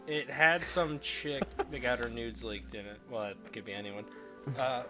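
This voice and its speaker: A man's voice: medium pitch, fairly even intonation, normal speed. A man streaming a game, chatting casually with friends and making dry, sarcastic remarks. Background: game music.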